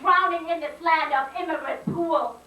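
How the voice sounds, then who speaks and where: A woman's voice: very high voice, steady tone, moderate pace, bright, forceful tone, distant mic. A woman performing spoken word poetry live, in a rhythmic, insistent, declamatory way. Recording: echoey room, voice from afar.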